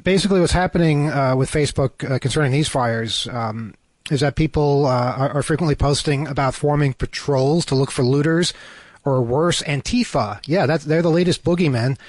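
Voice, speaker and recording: A man's voice: a little high, moderate pace, no echo. Man reading news with sarcastic asides. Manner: hesitant, many fillers and restarts. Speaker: co-host of a talk show. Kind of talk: casual news discussion over a call.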